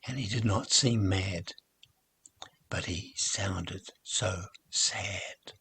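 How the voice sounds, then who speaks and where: Older New Zealand man, very husky storyteller. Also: low-pitched. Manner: measured, softening to near-whisper in sad parts. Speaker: storybook reader. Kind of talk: children's story read-aloud.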